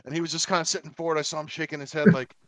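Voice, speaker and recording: A man's voice: on the high side, steady tone, rapid-fire, a crowd in the background. A man co-hosting a casual podcast, telling rambling, profane concert stories with frequent laughs. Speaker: podcast co-host. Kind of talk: casual chat among friends.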